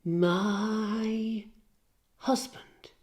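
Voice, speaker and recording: A loyal, outraged maidservant cries out in a high, strained voice, as a man reads her part. Her lines come out loud and urgent. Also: steady tone, drawn-out words. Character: loyal, outraged female servant, middle-aged. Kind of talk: dramatic reading of a play.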